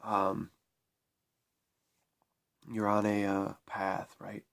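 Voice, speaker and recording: A man's voice: lowish voice, monotone, very slow. A man talking to camera in a spiritual vlog, preaching in a repetitive, emphatic way with frequent restarts. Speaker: spiritual vlogger.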